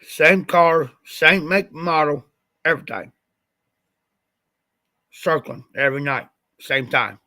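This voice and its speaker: A man from Ohio hosts his own livestream and tells a long, winding story, slightly stuffed up from a recent flu. His voice is fairly high and bright with a tense edge. The sound is dry and close, with no room around it. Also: slow pace, pauses often, no room sound. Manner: rambling, repeats "I said" often. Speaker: livestream host.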